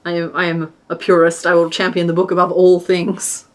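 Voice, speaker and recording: A woman's voice: fairly low pitch, monotone, a little fast. A woman streaming live as she crochets, talking casually and rambling between counts and restarts. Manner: chatty and rambling, with restarts and stitch counting half under her breath. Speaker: crochet streamer and pattern designer.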